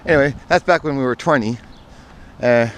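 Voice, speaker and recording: A man's voice: medium pitch, brisk, fairly bright tone. A man telling personal stories in a casual, meandering monologue, often correcting himself and drifting into asides. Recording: outdoor traffic noise.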